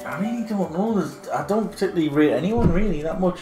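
A man's voice: sits high, expressive, quick pace. A man bantering crudely and laddishly while drunk, playing games with a friend. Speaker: gaming friend. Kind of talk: drunken casual chat while gaming. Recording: echoey room with game music.

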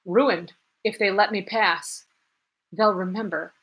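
A woman's voice: medium pitch, fairly even intonation, slow pace, a bit bright, rough recording. A woman reading aloud, voicing the tense, despairing inner thoughts of a young man in dread. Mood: desperate.

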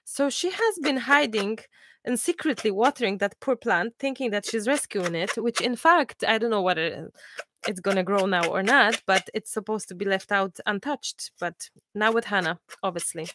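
A woman's voice: mid-range voice, moderate pace, background noise. Chatty woman in her thirties hosting. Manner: chatty storyteller, lively with frequent restarts. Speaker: crafting channel host. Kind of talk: casual chat during a live crafting class.

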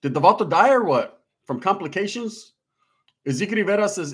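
Husky laid-back livestream host. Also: male voice, high-pitched, big pitch swings, a little fast. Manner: laid-back, slangy, shouts out viewers. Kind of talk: casual livestream chat, reading comments.

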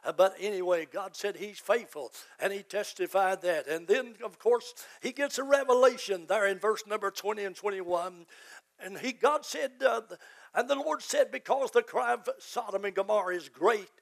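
Older pastor, a man, gravelly voice, fervent sermon that builds to shouting. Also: sits high, moderate pace. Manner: fervent preaching, voice rising to shouts.

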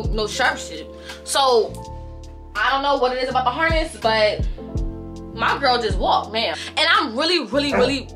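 A woman in her twenties chatting casually to her camera in a vlog, outspoken and blunt with lots of slang. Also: high-pitched. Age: 20s. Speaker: vlogger. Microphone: compact camera held close.

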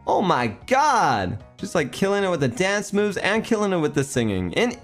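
Animated young man telling a story. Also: high-pitched, brisk, faint music behind. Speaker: streamer. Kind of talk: excited casual chat.

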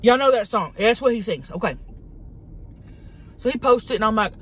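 A woman's voice: on the high side, expressive, normal speed, slightly rough. A woman playing a brash, hot-tempered woman, who rambles profanely and dramatically in a comedic monologue from a parked car. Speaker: vlogger.

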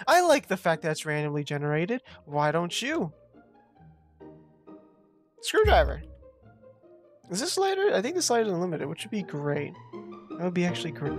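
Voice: expressive, normal speed, faint music behind. Foul-mouthed, jumpy horror-game commentator. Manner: profane, rambling, talks back to the game; sudden loud outbursts and jumps in pitch. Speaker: gameplay commentator. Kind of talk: let's play commentary.

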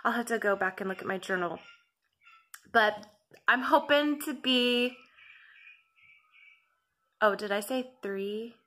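A woman's voice: on the high side, slow pace, pauses often, sharp tone. A woman vlogger talking in a casual, gushing and emotional way to her viewers, laughing often. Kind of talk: casual weight-loss vlog.

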